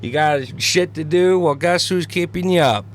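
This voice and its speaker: A man's voice: a little high, moderate pace. A man hosting a casual chat, laid-back and joking, laughing easily. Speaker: host.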